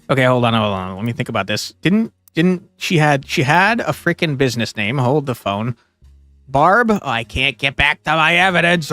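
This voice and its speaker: A man playing a detective puzzle game and talking through it, excitable, swinging between muttering and yelling. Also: mid-range voice, normal speed, soft background music. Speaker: gaming streamer. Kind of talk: let's play commentary.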